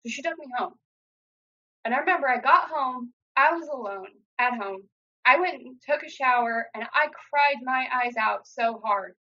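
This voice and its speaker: A young adult woman telling a painful personal story in an earnest, halting way, acting out what others said. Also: sits high, bright, forceful tone. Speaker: guest sharing personal story. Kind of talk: emotional personal account. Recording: dull lo-fi sound.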